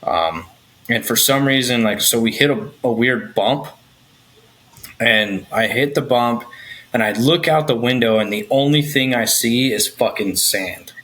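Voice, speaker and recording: A man's voice: medium pitch, unhurried, fairly bright tone, rough recording. A man speaking as a podcast guest, telling personal stories candidly and swearing freely.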